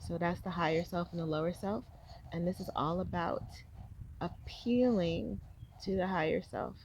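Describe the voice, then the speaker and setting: A woman's voice: lowish voice, normal speed, darkish tone, slight background noise. A middle-aged woman from New York telling a personal story in a casual, chatty way, with lots of fillers and restarts. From New York City. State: tearful while retelling. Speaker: vlogger.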